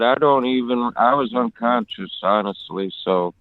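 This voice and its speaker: A man's voice: medium pitch, measured pace, dry recording, phone-quality sound. A man chatting on a podcast in a laid-back, dry way. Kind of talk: casual chat.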